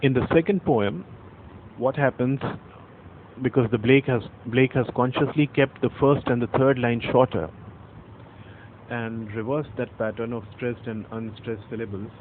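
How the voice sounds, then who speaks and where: A man gives a patient literature lesson, repeating key points and reading verse slowly to stress each syllable. His middle-range voice comes through narrow, phone-like audio. Faint traffic sounds hum underneath. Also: medium pitch, steady tone. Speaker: English literature teacher. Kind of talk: explanatory lecture.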